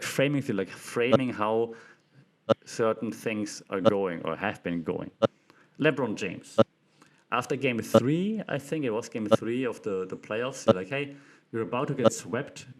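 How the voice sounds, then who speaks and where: A man hosting a casual commentary monologue, animated and chatty, with lots of filler words and restarts. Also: lowish voice. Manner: acts out quotes in playful voices. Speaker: podcast host; media professional.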